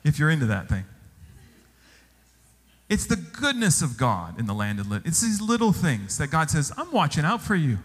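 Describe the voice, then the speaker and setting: A male pastor preaching a sermon, telling stories with animated exclamations. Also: a little high, moderate pace, pauses often. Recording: long hall reverb.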